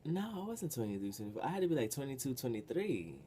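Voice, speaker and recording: A young man telling a story from his past in a casual, animated, profane way, with sudden loud bursts. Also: medium pitch, quick pace, slight background noise. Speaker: vlogger.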